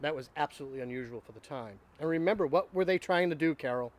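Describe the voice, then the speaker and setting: Male host, slightly higher voice, lecture-style, halting delivery. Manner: halting, lecturing with fillers and restarts. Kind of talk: informal literature talk.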